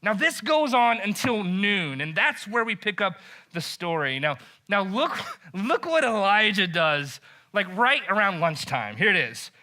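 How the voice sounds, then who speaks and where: A male pastor with a fairly high voice and a very bright, sharp tone. He retells a scripture story like a casual chat, animated and joking, with "like" dropped in all the time. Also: unhurried. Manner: animated and joking, heavy use of "like".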